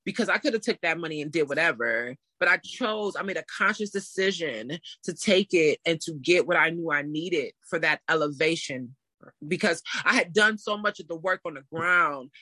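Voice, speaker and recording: A woman in her thirties telling a story in a casual interview, animated and laughing as she acts out what people said. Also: sits low, moderate pace, no echo. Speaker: interview guest.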